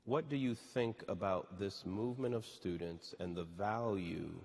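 A man moderating a panel, reading out audience questions in a measured, slightly hesitant way. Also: lowish voice, a little mellow. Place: large chapel hall. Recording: long hall reverb.

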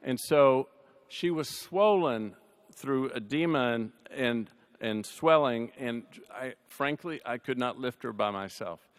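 A man speaking on a panel, telling a personal family story in a conversational way, with dry humor, his voice softening at the sad moments. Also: medium pitch, slow. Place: large chapel. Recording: long reverb of a large hall.

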